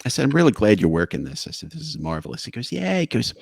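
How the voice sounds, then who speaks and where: A man's voice: fairly low pitch, fast talker, gravelly, hardly any pauses, dry recording, clean studio sound. A man telling stories in a casual interview, acting out what others said. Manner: animated anecdote-telling, acts out quotes. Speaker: guest musician.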